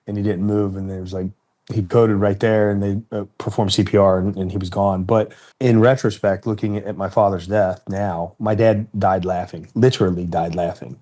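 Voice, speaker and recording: A man in his fifties from Ohio, telling a personal story in an interview in a measured, earnest way. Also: low voice, fairly even intonation, warm tone. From Cincinnati, Ohio, United States. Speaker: interview guest, retired fighter.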